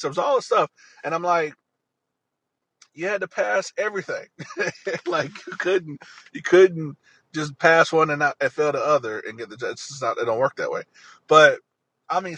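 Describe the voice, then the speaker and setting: A man's voice: fairly high pitch, bright, forceful tone, slightly rough, no room sound, rough recording. A man telling a personal story in an earnest, rambling way, often repeating himself.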